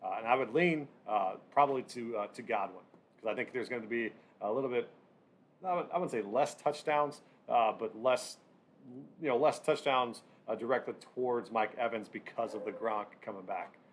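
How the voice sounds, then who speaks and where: A man hosting a casual sports picks breakdown, talking in halting bursts with lots of fillers and restarts. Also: mid-range voice. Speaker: sports betting channel host.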